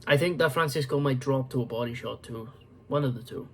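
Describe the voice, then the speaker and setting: A man's voice: mid-range voice, a little fast, a little hiss or hum. A tired man hosting his own channel, giving rambling casual fight predictions with many fillers and restarts. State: tired, yawning. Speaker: MMA prediction channel host.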